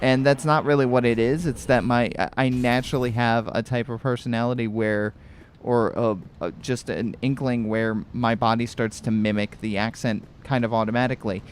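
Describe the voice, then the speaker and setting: A man from Connecticut narrates his gameplay in a loose, chatty way, circling back on his own words with ums and restarts. His voice sits at an ordinary middle pitch. A faint background hum runs under the home recording. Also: fairly even intonation, normal speed. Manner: rambling, chatty, many restarts. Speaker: gaming streamer. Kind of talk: casual let's-play commentary.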